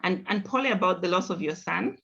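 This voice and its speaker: A woman's voice: lowish voice, expressive, a little fast, gravelly, a bit bright. A middle-aged woman hosts a conversational panel discussion, speaking in an earnest, reflective way and repeating points for emphasis. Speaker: host. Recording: dull lo-fi audio.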